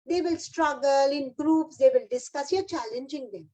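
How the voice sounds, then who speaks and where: A woman's voice: high voice, moderate pace, warm tone, low-quality recording. A woman with an Indian English accent giving a motivational keynote to teachers, encouraging them as if speaking to her own class. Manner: encouraging, addresses audience like a class.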